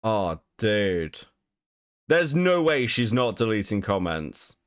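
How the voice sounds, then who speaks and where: A man's voice: on the low side, slow pace, smooth, no echo. A man chats on a podcast and reacts to a video. His voice jumps up and down as he swears and scoffs in disbelief. The sound is dry and close to the mic. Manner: animated, incredulous, swears a lot. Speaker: podcast co-host. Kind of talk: casual chat, reacting to a video.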